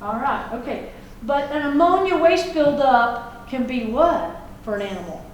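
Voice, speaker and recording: A woman's voice: sits high, lively intonation, measured pace, a little hiss or hum. A woman teacher giving a classroom lecture, folksy and chatty, checking in with the class. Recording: echoey classroom from far off.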